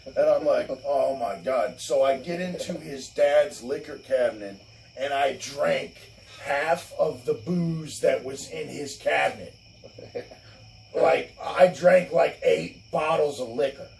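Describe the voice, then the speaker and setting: A man's voice: medium pitch, slow pace, vocal fry, darkish tone. A man telling a long story in casual chat, cursing, laughing, and acting out the voices of the people in it. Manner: swearing, laughing, acts out voices in his story. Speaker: co-host. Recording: echoey room, far from the mic, faint noise.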